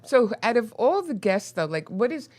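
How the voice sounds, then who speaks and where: A woman of Greek family from New York, co-hosting a casual talk show, excitable and quick to gasp and laugh. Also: a little high, very noisy. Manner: excitable, gasping, laughs often. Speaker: co-host. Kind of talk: casual chat.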